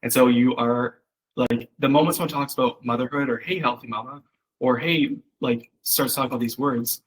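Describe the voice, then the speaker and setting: A man's voice: medium pitch, steady tone, a little fast, husky, rough recording. A man working as a copywriting coach, giving a loose, chatty one-on-one critique full of fillers and acted-out examples. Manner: loose and chatty, many fillers, acts out quoted voices. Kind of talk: casual one-on-one copy critique.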